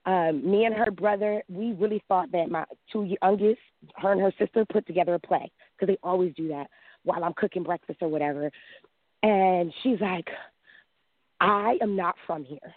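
A woman in her thirties calling in, telling a long personal story in a lively way, acting out quotes and laughing often. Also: fairly low pitch, fairly quick, no room sound. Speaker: caller. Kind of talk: casual storytelling. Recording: dry tinny phone line.

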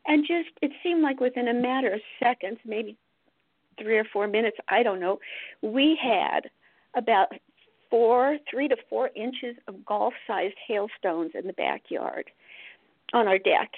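A woman's voice: a little high, measured pace, no room sound. A woman, an author being interviewed, telling a personal story in an earnest, heartfelt way. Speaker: guest author. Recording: tinny phone-like line.

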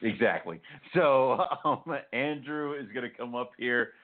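A man's voice: medium pitch, unhurried. A man co-hosting a casual chat, joking and laughing often as he talks. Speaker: co-host. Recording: tinny phone-like line.

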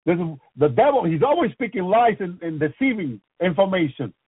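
A man's voice: high-pitched, very animated, brisk, breathy edge, no room sound. A man preaching about the end times on a radio program, fervent and repetitive, breaking in often with praises to the Lord. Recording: tinny phone-like radio broadcast.

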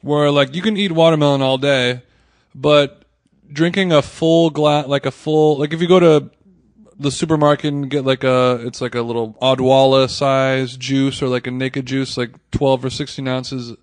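A man's voice: medium pitch, little pitch movement, moderate pace, no echo. A man co-hosting a podcast in casual chat, telling loose, rambling anecdotes. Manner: laid-back, rambling anecdotes. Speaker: podcast co-host.

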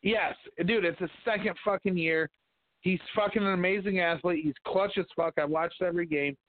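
Cursing guy ranting on a podcast, kinda high voice, tinny dry sound. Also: fairly even intonation, moderate pace, no room sound. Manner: profane, ranting storyteller. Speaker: podcast co-host. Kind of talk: casual chat. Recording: dry, phone-like tinny audio.

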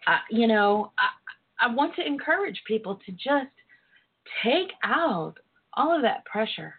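A woman's voice: on the high side, big pitch swings, measured pace, breathy edge. A woman guest on an interview show, talking in an earnest, emotional way and calling her listeners darlings. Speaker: guest author and sex educator. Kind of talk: casual call-in interview talk. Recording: tinny phone line.

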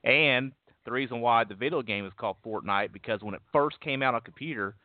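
A man's voice: medium pitch, fairly quick, dry recording. A man hosting a sports talk show, talking casually and often stumbling over his words. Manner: stumbling, restarts, chuckles. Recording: tinny phone-line sound, dry.

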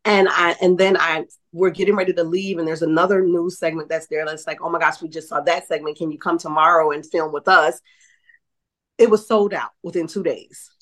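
A woman's voice: fairly low pitch, brisk. A middle-aged woman from New Orleans, a psychic medium and author, telling stories as a guest and acting out quoted dialogue, often checking in with "right?". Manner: animated storyteller, acts out quoted dialogue, many "right?" asides. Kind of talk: storytelling in a conversational interview.

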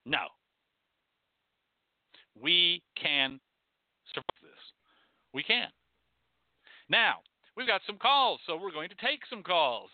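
A man's voice: high voice, sing-song, slow pace, pauses often, dry recording. A man with a Southern US accent hosting a call-in show, delivering a fiery, profane, rhetorical monologue full of repeated phrases. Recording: tinny phone-like dry sound.

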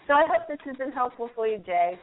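A woman's voice: fairly high pitch, expressive, fast talker. A woman hosting a call-in radio show, giving angel card readings in a soothing, encouraging way with frequent laughs. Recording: phone-like lo-fi line.

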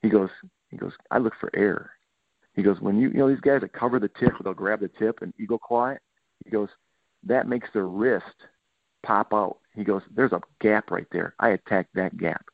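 A middle-aged football coach from Michigan talks through a podcast interview, telling stories with animation and acting out quotes. His voice is low and gravelly, and it comes over a thin, phone-like line with no room sound at all. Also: normal speed, no room sound. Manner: animated storytelling, acts out players' quotes. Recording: tinny phone-like line, dry.

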